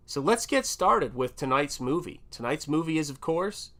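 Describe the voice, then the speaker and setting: The host, a middle-aged man with a Southern American accent, keeps his livestream chat loose and rambling with many fillers. His fairly high, slightly bright voice is animated, moving at normal speed with hardly any pauses.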